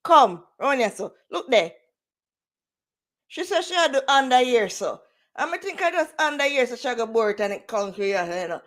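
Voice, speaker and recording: A woman's voice: on the high side, big pitch swings, normal speed, a bit bright. A Jamaican woman in her forties hosting a casual livestream chat, slipping into patois and laughing often. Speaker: livestream host.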